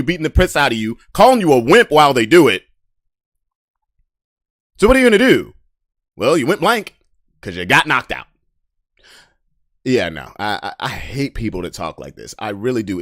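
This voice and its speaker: A man in his early thirties hosting a podcast, talking casually and bluntly, swinging from low mutters to loud mocking rants. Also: dry recording, studio quality. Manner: blunt and profane, with short laughs. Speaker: podcast host reading memes. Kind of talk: casual live-stream commentary.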